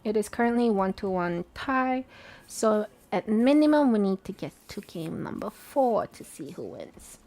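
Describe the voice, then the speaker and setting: A woman's voice: medium pitch, animated, a little slow, mellow. A woman hosting a live-stream watch party, chatting casually and answering viewer questions aloud. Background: faint background music.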